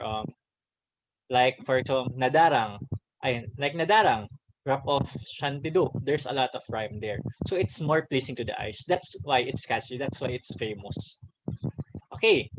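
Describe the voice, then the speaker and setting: A Filipino man with a Filipino accent, a teacher giving a casual online lesson, talking directly to his students in halting phrases with many restarts. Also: on the high side, a little hiss or hum, poor audio. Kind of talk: online class lesson, mixing English and Bisaya.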